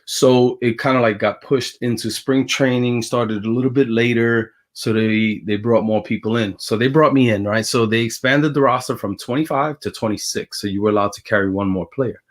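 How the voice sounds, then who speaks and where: A man's voice: medium pitch, moderate pace, few pauses. A man, a former ballplayer telling stories in a casual interview and acting out the voices he quotes. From Brooklyn, New York. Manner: animated storyteller who acts out quoted voices. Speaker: guest, former baseball pitcher.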